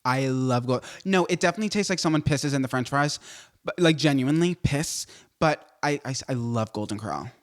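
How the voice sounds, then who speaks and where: A man's voice: medium pitch, a little fast. A man with a New York accent co-hosting a podcast, blunt and joking in casual chat. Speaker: podcast co-host.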